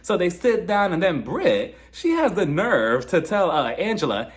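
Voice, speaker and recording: Animated man mocking reality TV drama. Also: high-pitched, measured pace, hardly any pauses. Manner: animated, mocking, acts out cast members' lines in put-on voices. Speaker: reality TV recap host. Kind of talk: casual recap commentary.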